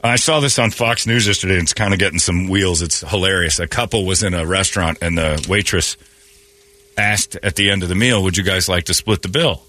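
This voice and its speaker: A man hosting a morning radio show, telling stories in a jokey, animated way. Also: low-pitched, a little fast. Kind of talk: casual radio banter.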